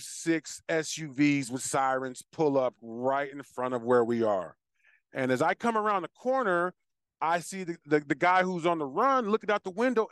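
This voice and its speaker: A man casually telling a long personal story as host, with animated asides and frequent restarts. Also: on the high side, clean tone, no room sound, clean studio sound. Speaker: podcast host.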